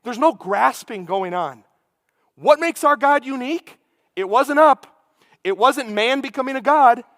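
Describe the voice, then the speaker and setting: Young Midwestern man, priest-style homily: high, bright voice, casual asides, long church reverb. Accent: Midwestern American. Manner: animated and conversational, with quick asides. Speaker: preacher giving a homily. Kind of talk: sermon. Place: large church.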